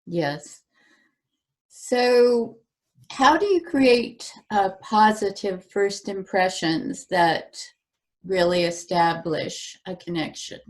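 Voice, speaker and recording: A woman hosting an interview, asking her guest short, measured questions. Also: medium pitch. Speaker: interview host.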